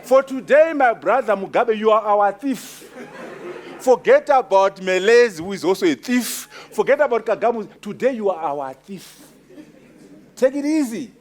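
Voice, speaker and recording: Older statesman soothing an angry peer, folksy, high lilting voice, lively swings, as a man puts him on. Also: unhurried. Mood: soothing, amused. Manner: soothing, folksy proverb-telling. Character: older male statesman calming a furious peer.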